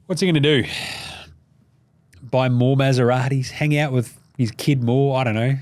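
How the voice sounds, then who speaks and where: A man's voice: mid-range voice, expressive, a little slow, pauses often. A man hosting a podcast in casual sports talk, joking, swearing, and slipping into mock voices. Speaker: podcast host.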